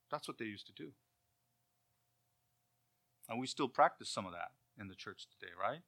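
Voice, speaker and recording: A man's voice: medium pitch, lively intonation, normal speed, fairly bright tone. A man preaching a sermon in a conversational way, with rhetorical questions and acted-out quotes.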